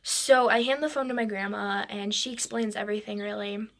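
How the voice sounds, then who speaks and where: A woman telling a personal story in a halting way, with restarts and frequent drops into a whisper. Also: mid-range voice, steady tone, slight background noise.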